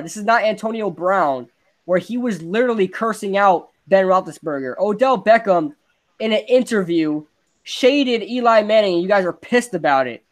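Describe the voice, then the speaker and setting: A young man with a high voice hosts a casual sports podcast. He rants about football with excitable energy and laughs often. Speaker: podcast host.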